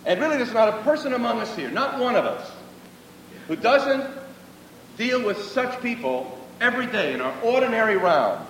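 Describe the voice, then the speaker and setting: Earnest man giving a sermon, animated delivery, distant mic with faint rumble. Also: moderate pace, echoey room, big-room sound. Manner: earnest, repeats phrases for emphasis. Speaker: preacher.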